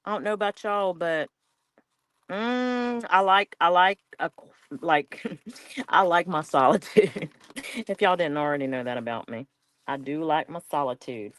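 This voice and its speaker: Southern woman, live craft-stream host; folksy chat with viewers, slightly low pitch, dry close sound. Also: a little slow, pauses often, a bit bright, no echo. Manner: chatty and folksy, greeting viewers and reading comments aloud.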